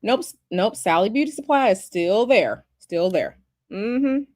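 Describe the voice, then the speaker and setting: A woman's voice: medium pitch, lively intonation, unhurried, darkish tone, no room sound, clean studio sound. A woman hosting a casual livestream, chatty and sassy, calling her viewers y'all and baby. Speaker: livestream host.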